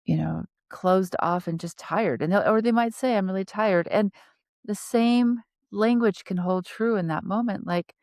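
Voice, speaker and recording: A middle-aged woman co-hosting a podcast discussion, speaking in a gentle, caring and practical way. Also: medium pitch, unhurried, dry recording, studio quality. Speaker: podcast co-host. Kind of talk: casual panel discussion.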